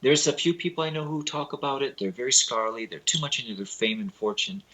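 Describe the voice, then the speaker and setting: Husky, forceful male storyteller. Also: mid-range voice, fast talker, poor audio. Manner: animated storyteller who acts out the people he quotes, loose grammar. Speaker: spiritual teacher, interview guest. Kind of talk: telling anecdotes in a casual interview.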